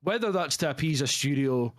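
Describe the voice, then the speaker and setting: A man's voice: a little high, animated, a little fast, no echo. Hedging man in a dry room. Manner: rambling, hedging with many restarts. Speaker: podcast co-host. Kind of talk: casual film discussion.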